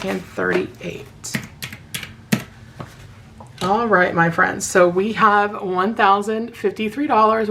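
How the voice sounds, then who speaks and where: Woman, hoarse voice, casual friendly chat, counts cash aloud, mid pitch, faint hiss behind. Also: low-quality recording. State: hoarse, sounds sick. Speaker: budgeting vlogger.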